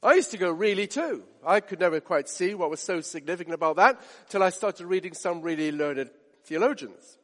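A man's voice: high-pitched, animated, a little fast, fairly bright tone. A man preaching a sermon, emphatic, building his point with repetition and rhetorical questions. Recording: long reverb of a hall.

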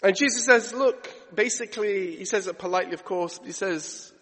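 A male pastor with a high, slightly husky voice delivers a sermon. He retells scripture stories in a chatty way and builds to emphatic, driving preaching. The sound carries a long reverb from a church hall. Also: fairly quick, pushed and bright. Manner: storytelling, rising to emphatic preaching.

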